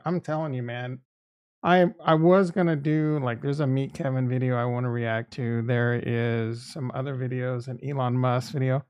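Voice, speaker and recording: A man chatting loosely on his own live stream, wandering off track and cutting himself short. He fills pauses with "uh" and "like" and talks at an everyday middle pitch. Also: a little mellow, clean tone. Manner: rambling and self-interrupting, with frequent fillers. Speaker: streaming channel host. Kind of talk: casual live-stream chat.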